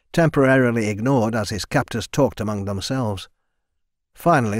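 A man's voice: medium pitch, dry recording. Man narrating a fantasy audiobook, dry studio sound. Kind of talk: scripted narration.

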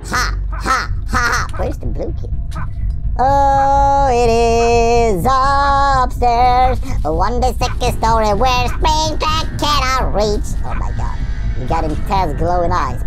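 A woman rattles off goofy play-by-play over a video game, teasing and mocking the character she faces. Her pitch swings up and down all the time. Game music plays behind her voice. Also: vocal fry. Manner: silly, playful, trash-talking the game character. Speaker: gaming YouTuber. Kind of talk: playthrough commentary.

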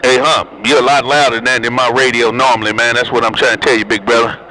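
A man's voice: mid-range voice, flat delivery, quick pace, bright, forceful tone, poor audio. A man chatting and teasing other drivers over a CB radio in slangy, joking banter. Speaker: CB radio operator. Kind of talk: casual CB radio chat.

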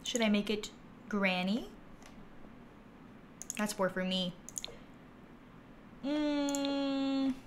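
A woman livestreaming a game, chatting casually and thinking aloud, with bursts of giggly excitement. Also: fairly high pitch, drawn-out words, pauses often, slight background noise. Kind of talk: casual gameplay commentary.

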